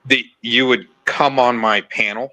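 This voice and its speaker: A man's voice: medium pitch, fairly even intonation, a little slow, pushed and bright, low-quality recording. A man on a livestream panel, confronting and accusing the host in a heated argument.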